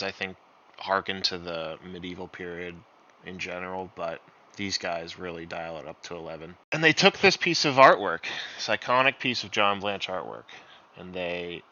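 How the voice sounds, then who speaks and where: Animated laid-back guy chatting. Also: low voice, lo-fi sound. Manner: animated, laughing often. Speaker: co-host. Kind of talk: casual chat.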